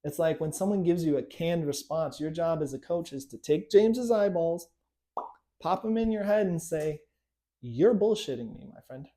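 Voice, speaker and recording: In a warm, slightly high voice at normal speed, a man who's a hypnotist and coach gives an instructional talk to camera. He keeps it conversational, often adding tag questions like "right?" and "okay?".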